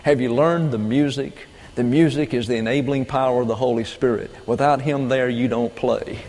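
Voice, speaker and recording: A male pastor delivers a Bible lesson in a steady, lecturing way, often pausing with fillers and starting phrases over. His voice sits at an ordinary pitch for a man. The sound carries a long reverb, as if recorded in a large hall. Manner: measured, lecturing, with frequent fillers and restarts. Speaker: pastor teaching a Bible class. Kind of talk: sermon-style Bible teaching.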